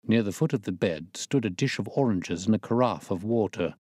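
A man narrating a classic detective story in a measured storytelling manner. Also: on the low side, expressive, darkish tone, dry recording, clean studio sound. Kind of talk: scripted narration.

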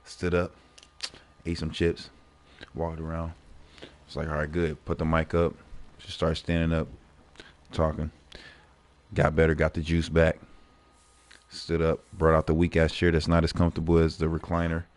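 A man streaming games, telling stories in a profane, animated way and laughing often between lines. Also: extremely low pitch, normal speed, long pauses. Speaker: gaming livestreamer. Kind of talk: casual livestream commentary.

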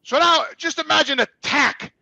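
A man's voice: very high voice, moderate pace, gravelly, sharp tone, no room sound, rough recording. A middle-aged man, a truck driver, telling long blunt stories with constant swearing in a rambling, casual way. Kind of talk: casual storytelling.

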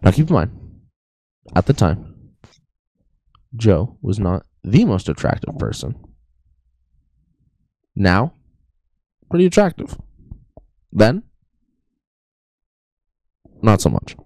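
A man's voice: fairly low pitch, very animated, slow pace, gravelly, long pauses, darkish tone, no room sound. A young man co-hosting a podcast, telling a rambling story in a casual, joking way. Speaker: podcast co-host. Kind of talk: casual chat.

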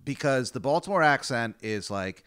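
A male podcast guest from the Mid-Atlantic US, talking in a casual, jokey way. His voice swings widely in pitch and sounds smooth and resonant. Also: normal speed. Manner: jokey, animated storyteller. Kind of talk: casual chat.

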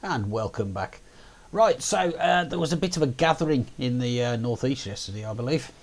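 A man's voice: mid-range voice, expressive, brisk. A man hosting a show, chatting in a wry, self-mocking way. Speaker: show host. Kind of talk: casual studio chat.

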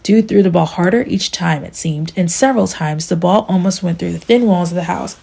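Young woman, amateur audiobook reader, dark husky voice. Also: on the low side, brisk. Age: young adult.

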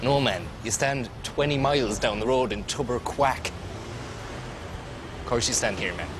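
An actor playing a wild, excitable young Irish schemer who barks orders at his mates. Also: medium pitch, moderate pace, background noise, close to an everyday voice. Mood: excited. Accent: Irish, Mayo. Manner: hyper, bossy, shouting orders.

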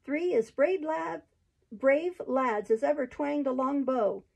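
A woman's voice: high-pitched, takes it slowly, gravelly, darkish tone, voice pushed up, heavily acted, rough recording. A woman voicing a bold, merry male outlaw leader who speaks in hearty exclamations, read aloud from a storybook.

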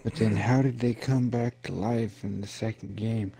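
A man's voice: on the low side, steady tone, moderate pace, creaky, warm tone, breathy edge. A young man in casual gaming chat with friends, laid-back with dry remarks, over headset voice chat. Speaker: gamer.

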